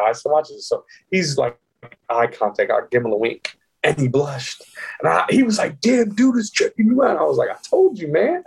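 Husky man telling a raunchy story. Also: medium pitch, rough recording. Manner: animated, profane, acts out quoted voices. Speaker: guest. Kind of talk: casual storytelling.

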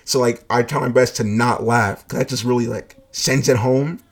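A young man with a gravelly, husky voice hosts his own podcast, spinning a casual story. His delivery is blunt and profane, with a joking edge. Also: mid-range voice, fairly even intonation, moderate pace. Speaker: podcast host.

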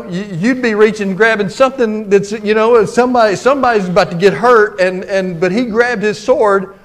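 A man preaching a sermon in a folksy, conversational way, swinging between loud emphatic passages and hushed low ones. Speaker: pastor.

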